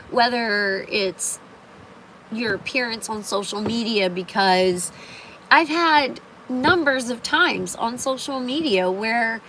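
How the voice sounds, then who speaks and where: A woman's voice: a little high, bright, forceful tone, slight background noise, low-quality recording. An older woman talking on a casual livestream in a rambling way, with many fillers and restarts. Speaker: live streamer.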